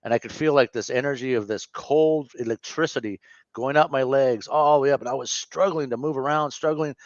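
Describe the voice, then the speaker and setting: The audio is dull and free of room sound. As an interview guest, a man in his fifties with a mid-range voice recounts something personal, sincere and frank, stumbling and correcting himself often.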